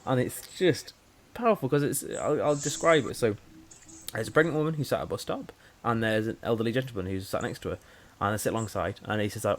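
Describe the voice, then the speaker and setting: A man in his twenties co-hosting a podcast, telling stories in a lively way and acting out the dialogue. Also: on the low side, fast talker. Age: 20s. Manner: animated storyteller, acts out dialogue. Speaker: podcast co-host. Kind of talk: casual podcast chat.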